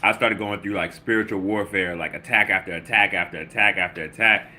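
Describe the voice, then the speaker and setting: Low, bright-voiced man. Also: fairly even intonation, a little fast. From Baltimore. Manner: loose, slangy, reads chat comments aloud with shout-outs. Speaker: livestream host. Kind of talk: casual livestream chat.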